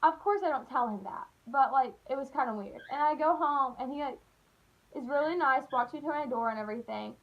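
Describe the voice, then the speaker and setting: A young woman telling stories in a chatty, animated way, full of "like.". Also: high voice, brisk, lo-fi sound. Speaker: vlogger. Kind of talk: casual storytime.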